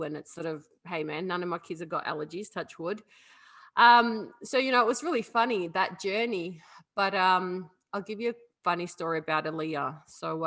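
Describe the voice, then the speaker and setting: A woman chats on a podcast with a bright, ringing tone. She tells her stories in an animated way, laughs often, and swears casually. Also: on the low side. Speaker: podcast co-host. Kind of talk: casual chat, storytelling.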